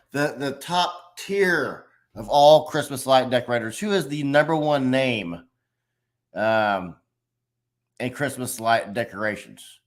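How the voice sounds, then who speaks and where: A man hosting a casual live-stream chat, talking to viewers and reading their comments aloud with plenty of fillers. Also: mid-range voice. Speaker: host of a live stream show.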